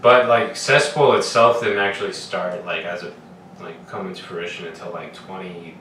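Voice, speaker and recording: A man's voice: deep voice, steady tone, moderate pace, pushed and bright. A man in a band, recounting its history hesitantly with lots of fillers in a casual podcast chat. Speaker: band member, guest. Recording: roomy, distant mic with faint noise.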